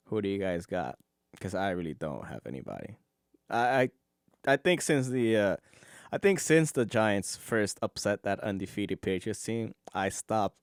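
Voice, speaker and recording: A man's voice: lowish voice, clean tone, no room sound, studio quality. A man hosting a solo podcast, rambling casually, swearing, and laughing as he goes. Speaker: podcast host.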